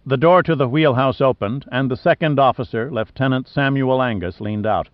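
A man's voice: mid-range voice, normal speed, dry recording. Man reading an adventure novel aloud. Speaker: audiobook narrator. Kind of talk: scripted narration. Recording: dull dry studio audio.

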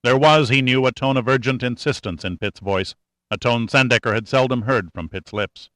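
A man narrating an adventure novel as an audiobook, in a steady, measured reading. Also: mid-range voice, no room sound.

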